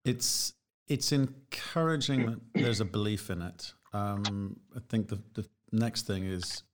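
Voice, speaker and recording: A man hosting a conversational interview, speaking in a measured, reflective way and often restarting phrases. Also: on the low side.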